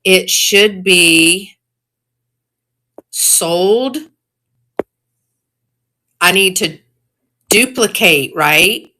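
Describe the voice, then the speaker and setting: A woman hosting a casual live-stream sale, chatty and excitable, greeting viewers by name. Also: fairly low pitch, drawn-out words, long pauses.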